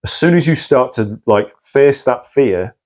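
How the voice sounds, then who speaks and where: A man's voice: mid-range voice, expressive, unhurried, darkish tone. A man recounting a personal crisis as a podcast guest, intense and swearing often. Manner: intense, swears often, acts out his own past cries. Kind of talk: candid personal story.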